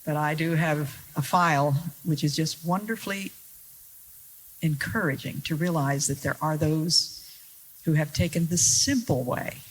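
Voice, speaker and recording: A woman preaching a sermon to an audience, earnest and deliberate, with wry rhetorical questions and stressed key words. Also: deep voice, husky, low-quality recording. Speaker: Christian speaker.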